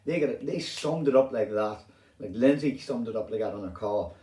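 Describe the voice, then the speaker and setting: A middle-aged man with a Northern Irish accent telling a personal story in a rambling, animated way, swearing freely. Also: medium pitch, brisk. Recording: roomy sound, distant from mic.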